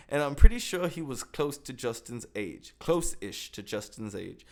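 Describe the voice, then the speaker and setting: A male podcast host rants through his commentary, swearing freely and reading posts aloud with mockery. His pitch leaps up and down as he talks. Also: normal speed, hardly any pauses. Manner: profane, animated ranting; reads posts aloud mockingly. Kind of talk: casual commentary.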